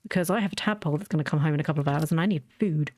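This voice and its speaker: A woman's voice: deep voice, racing, darkish tone, no echo. A woman streamer chatting casually during a livestream, rambling through anecdotes.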